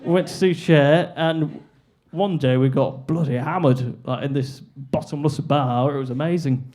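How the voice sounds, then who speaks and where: A man's voice: fairly high pitch, moderate pace, a little mellow. A young man doing a stand-up comedy set, rambling and self-deprecating, on a club stage with a handheld mic.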